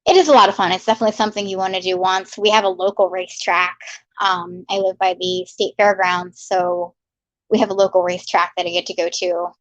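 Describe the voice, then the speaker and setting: A woman's voice: on the low side, fairly even intonation, fairly quick, no room sound. A woman hosting a casual livestream, chatting and reading viewer comments aloud with upbeat greetings. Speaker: livestream host. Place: home in Maryland. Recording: slightly muffled, dry lo-fi sound.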